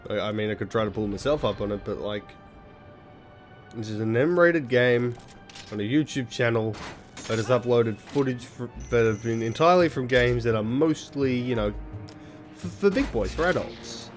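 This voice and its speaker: A man's voice: mid-range voice, normal speed, soft background music. A young man giving rambling, jokey, sweary commentary while playing a video game. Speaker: let's play host. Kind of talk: casual gameplay commentary.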